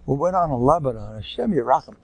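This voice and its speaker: Older man, rabbi, informal lecture; gravelly, very lively pitch, sudden loud outbursts. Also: quick pace, muffled recording. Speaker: rabbi giving a Torah lecture.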